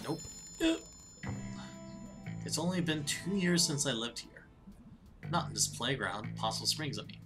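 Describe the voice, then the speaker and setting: A man's voice: on the high side, expressive, normal speed, long pauses, music in the background. A man hosting a casual let's-play, chatty and giggly as he reacts aloud to the game. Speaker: gaming channel host.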